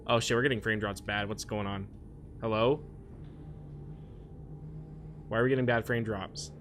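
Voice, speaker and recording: A man streaming a video game, chatting casually with his viewers and now and then yelling at the game. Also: lowish voice, steady tone, normal speed, a little hiss or hum. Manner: yells at the game in frustration, then chats with viewers. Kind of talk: casual gaming stream chat.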